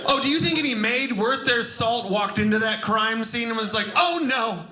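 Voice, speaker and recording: Man doing animated stand-up in a roomy club. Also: normal speed. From Cleveland, Ohio. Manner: animated storytelling, breaks into shrill high-pitched character voices. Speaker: stand-up comedian. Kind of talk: stand-up comedy set. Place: comedy club stage before a laughing audience. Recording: roomy stage sound with audience noise.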